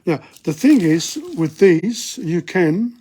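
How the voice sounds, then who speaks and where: Man, language teacher, husky voice, unhurried delivery, repeats phrases for practice. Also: high-pitched, lively intonation, dark tone. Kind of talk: casual video lesson.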